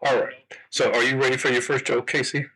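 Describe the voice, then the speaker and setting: A man's voice: medium pitch, flat delivery, quick pace, sharp tone. A man hosting a casual talk show, laughing often and repeating himself as he tells jokes. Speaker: host. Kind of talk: casual chat.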